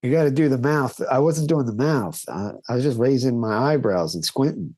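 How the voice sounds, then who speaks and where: Young male podcast co-host, mid-pitched, relaxed storyteller, laughs easily. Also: a little fast, no echo. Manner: laid-back, laughs often, tells stories. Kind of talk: casual comedic chat.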